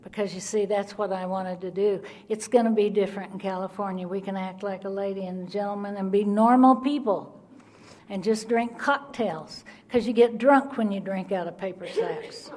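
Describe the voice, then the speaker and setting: A woman giving her Al-Anon recovery testimony, telling her story in an animated way and acting out the people in it. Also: mid-range voice, moderate pace. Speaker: Al-Anon speaker.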